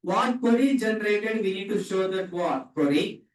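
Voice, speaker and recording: A man's voice: high voice, animated, normal speed, far from the mic. A man teaching programming to a class, repeating questions and having students answer back. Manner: repetitive, quizzing students with short questions. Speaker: programming instructor. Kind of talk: classroom lecture with call-and-response. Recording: echoey room, speaker off-mic.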